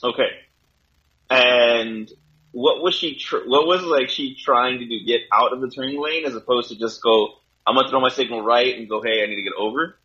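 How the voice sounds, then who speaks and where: A man co-hosting a podcast in casual chat, joking with quick, wry reactions. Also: medium pitch, bright, forceful tone, husky, muffled recording. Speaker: podcast co-host.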